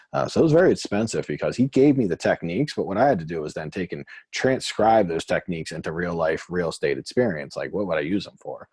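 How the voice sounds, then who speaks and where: A man coaching a group call, chatty and quick, acting out short quotes as he explains. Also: low voice, darkish tone, breathy edge, no echo. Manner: fast, chatty, acts out quotes.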